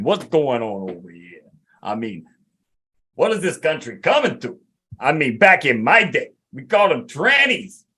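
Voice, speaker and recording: A crude, loud older Italian man blusters and exclaims, his voice climbing high and swinging widely as he gets worked up. A man puts him on for a podcast bit.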